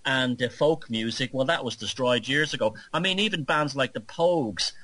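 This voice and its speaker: A man interviewing on talk radio, speaking in animated, critical, long run-on stretches. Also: medium pitch, normal speed, poor audio.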